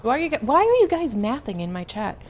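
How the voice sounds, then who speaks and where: A woman's voice: high-pitched, big pitch swings, quick pace. A woman VTuber streaming a game, chatting playfully with her viewers and answering chat. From United States. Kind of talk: casual gameplay stream chat.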